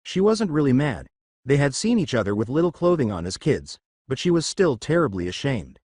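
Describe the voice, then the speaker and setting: A man narrating a fan fiction story in steady storybook narration, close to the mic. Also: mid-range voice, fairly quick, no echo.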